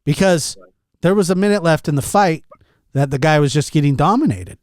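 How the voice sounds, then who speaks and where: A young man hosting a podcast, telling a story in a casual, animated and exasperated way, acting out what others said. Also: on the high side, a little fast, dry recording. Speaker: podcast host.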